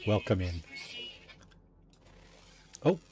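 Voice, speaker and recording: Male streamer, low-pitched, lively and jokey, chats with viewers, faint ambience. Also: drawn-out words, music in the background. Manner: chatty, reads chat aloud, jokey asides. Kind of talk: casual gameplay livestream chat.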